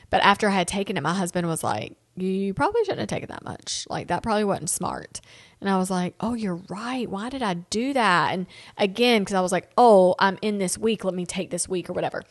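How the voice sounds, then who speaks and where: A woman's voice: mid-range voice, a bit bright, no echo, clean studio sound. A middle-aged woman tells a long personal story on her solo podcast. She is tired and yawning, rambling and talking straight to her listeners. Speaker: podcast host.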